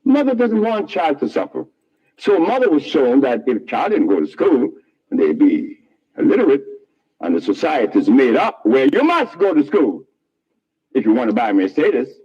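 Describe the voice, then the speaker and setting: Husky, animated man telling stories. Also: medium pitch, normal speed, lo-fi sound. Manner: animated, laughs at his own remarks. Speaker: speaker telling his life story. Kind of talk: rambling storytelling talk.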